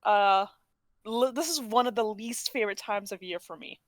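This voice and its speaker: A woman's voice: mid-range voice, moderate pace, no echo. Young woman, podcast co-host, rambling casual talk, dry close sound. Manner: rambling, self-correcting, chatty. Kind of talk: casual chat.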